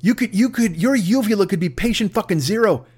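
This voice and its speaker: It's a podcast host's profane comedic rant: a man fuming sarcastically and cursing constantly. His high-sitting voice is husky with a darkish tone, animated and brisk.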